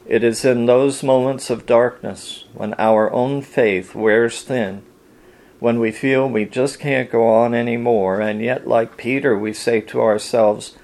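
A man giving a slow, gentle, reflective devotional sermon as a pastor, reading scripture and leading a prayer. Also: medium pitch, creaky.

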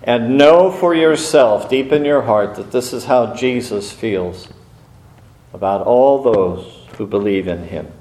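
A man preaching a sermon in an earnest, measured way, with brief pauses and small restarts. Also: mid-range voice, darkish tone. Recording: echoey room.

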